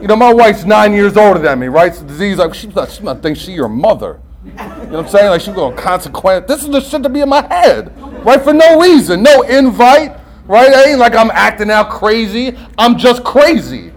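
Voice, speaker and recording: This recovery-meeting share comes from a man whose high voice moves at a moderate pace over poor audio. Streetwise and profane, he tells his story to the room, tossing in plenty of "right?" and performing the voices in his head.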